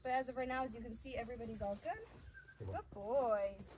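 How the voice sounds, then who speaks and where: A woman with a high voice works as a dog trainer, explaining each step of the session in a calm, clear voice. She praises the dogs often and warmly. The recording has clear background noise from outdoors. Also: fairly quick. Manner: warm, encouraging praise mixed with calm explanation.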